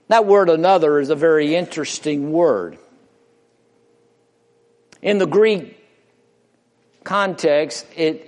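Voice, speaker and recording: A man preaching a sermon with slow, emphatic rises and falls. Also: on the high side, big-room sound. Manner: slow, emphatic preaching with rising and falling delivery. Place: church.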